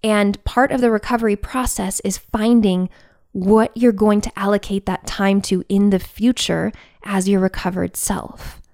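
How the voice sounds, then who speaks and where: A woman's voice: mid-range voice, fairly even intonation, measured pace, darkish tone, no room sound, studio quality. A woman giving a heartfelt, reflective talk to camera about recovery. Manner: heartfelt and searching.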